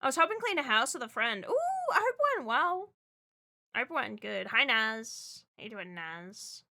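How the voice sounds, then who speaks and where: A woman streamer chatting casually and reading out chat, excitable and loud, swearing often. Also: a little high, moderate pace. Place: Brisbane.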